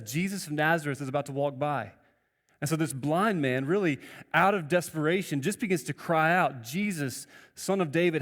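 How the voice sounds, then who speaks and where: A man's voice: on the high side, long reverb tail. A man preaching a sermon earnestly, with frequent restarts and rhetorical questions to the congregation. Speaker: pastor.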